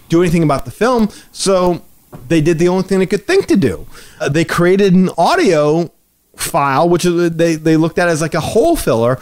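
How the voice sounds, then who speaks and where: A man hosting a podcast, telling a story in casual chat and acting out the quotes with energy. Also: fairly high pitch. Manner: animated storyteller, acts out quotes. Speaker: podcast host.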